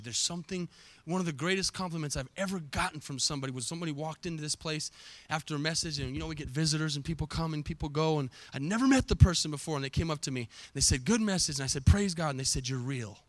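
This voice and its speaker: A man preaching a sermon to his church, impassioned, swinging from soft reflection to near-shouted, chanted exhortation. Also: a little high. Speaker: pastor. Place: church sanctuary.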